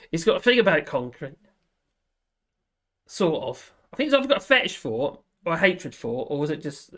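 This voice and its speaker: Male streamer, slightly high voice, chatty and rambling, laughs a lot. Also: a bit bright. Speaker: livestream host. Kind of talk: casual live chat reading viewer comments.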